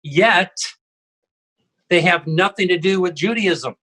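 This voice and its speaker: Husky, bright-voiced man telling stories. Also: high voice, slow pace, low-quality recording. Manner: storytelling, tags lines with "right?". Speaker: co-host, evangelism trainer. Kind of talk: casual panel discussion. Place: at home. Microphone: video call.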